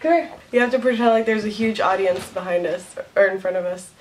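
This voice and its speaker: A woman's voice: medium pitch, a little fast, slight background noise. Young girl vlogger, giggly and rambly, kinda dorky. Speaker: beauty vlogger. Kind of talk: casual chat to camera.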